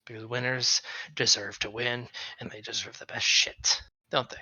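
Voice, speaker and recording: A man's voice: medium pitch, normal speed, slightly rough, dry recording, rough recording. A man running a tabletop game as game master, narrating and swearing freely. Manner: animated, swearing, shouts out players' lines.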